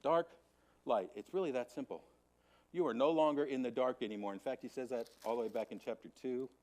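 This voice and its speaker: A man teaching Sunday school, preaching with a repetitive, emphatic cadence and dramatic swings from hushed to loud. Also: mid-range voice, brisk. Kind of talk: Bible teaching to a congregation.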